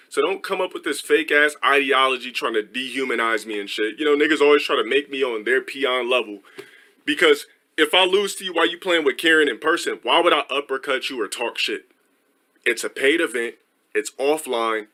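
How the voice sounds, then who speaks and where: A man streamer telling a story in a rambling, profane, animated way. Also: medium pitch.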